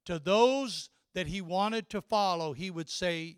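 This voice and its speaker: Older male preacher, high voice. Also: animated, moderate pace, hardly any pauses, smooth, no room sound, studio quality. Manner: storytelling, repeats words and restarts often. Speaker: pastor. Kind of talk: sermon.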